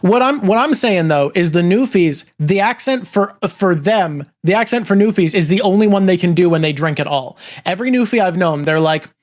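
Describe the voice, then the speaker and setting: A young adult streamer with a British Columbian Canadian accent, chatting excitedly and swearing casually on a livestream. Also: medium pitch. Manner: excitable, swearing, quick restarts. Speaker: streamer host.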